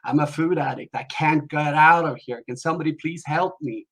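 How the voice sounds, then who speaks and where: A man's voice: on the high side, normal speed, a bit bright. A man voicing a desperate male food addict stuck in a hole, begging for help. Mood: pleading. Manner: pleading, repetitive cries for help.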